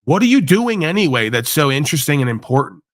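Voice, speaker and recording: A man's voice: on the high side, big pitch swings, quick pace, no echo, clean studio sound. A man hosting a livestream, delivering a profane, combative, preachy rant. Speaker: livestream host. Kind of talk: ranting monologue.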